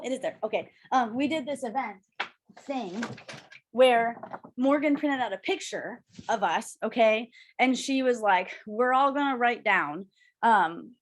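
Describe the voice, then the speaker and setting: A young woman co-hosting a casual chat over a video call, bubbly and rambling, with lots of "like.". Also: mid-range voice. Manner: fast, bubbly, rambling with many "like"s. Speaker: podcast co-host.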